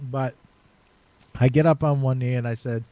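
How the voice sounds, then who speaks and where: A man's voice: medium pitch, fairly even intonation, normal speed, mellow, dry recording, muffled recording. A man co-hosting a podcast, telling a long casual story with swearing and quoted lines. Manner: rambling, swears and laughs, acts out quotes. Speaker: podcast co-host.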